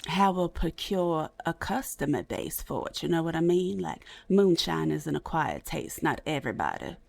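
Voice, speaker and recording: Woman roleplay streamer, low-ish lively voice, folksy and chatty, in-character game banter on a headset mic. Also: moderate pace, gravelly. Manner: folksy, chatty, calls others honey and darling, laughs often. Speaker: roleplay streamer playing a saloon hostess type.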